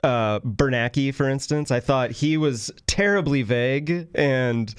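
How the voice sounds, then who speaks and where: A man's voice: medium pitch, a little slow, clear, resonant tone, no echo. A man co-hosting a casual studio chat, laughing easily and giving frank opinions.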